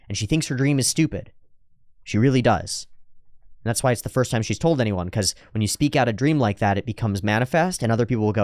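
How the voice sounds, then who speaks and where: A man's voice: medium pitch, lively intonation, quick pace, a little mellow, no room sound, studio quality. A man hosting a reaction video, analyzing an anime scene and paraphrasing its dialogue with rhetorical asides.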